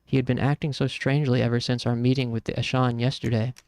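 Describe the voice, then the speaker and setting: Gravelly man reading a story game aloud. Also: medium pitch, little pitch movement, quick pace, darkish tone, no room sound. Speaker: streamer.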